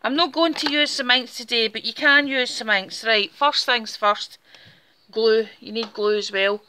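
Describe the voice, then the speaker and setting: A woman's voice: on the high side, fairly even intonation, a little slow, noisy background. A woman with a Scottish Borders accent, chatting casually through a step-by-step craft demonstration while she works with her hands. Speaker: craft tutorial host.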